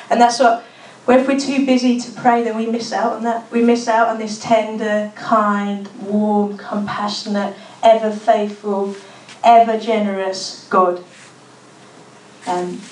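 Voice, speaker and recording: A woman's voice: medium pitch, darkish tone, a little hiss or hum. A woman with a Birmingham accent giving a chatty, informal talk on prayer, full of restarts and "like". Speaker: speaker at a church gathering. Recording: echoey room, mic at a distance.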